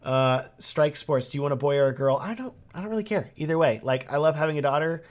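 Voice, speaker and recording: A man's voice: on the high side, expressive, fast talker. Chatty man answering livestream questions. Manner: casual and chatty, reads viewer comments aloud. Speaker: wedding filmmaker and livestream host. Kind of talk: casual livestream Q&A.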